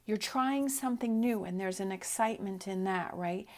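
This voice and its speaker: A woman's voice: medium pitch, normal speed. Middle-aged woman, tarot reader, casual and encouraging, peppers her talk with "right?". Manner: upbeat, encouraging, keeps asking "right?".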